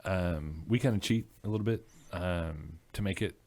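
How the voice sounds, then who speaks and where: A man chatting casually as a guest brewer, telling relaxed stories with plenty of "um"s. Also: deep voice, normal speed. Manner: relaxed storyteller, many "um"s. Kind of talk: casual chat.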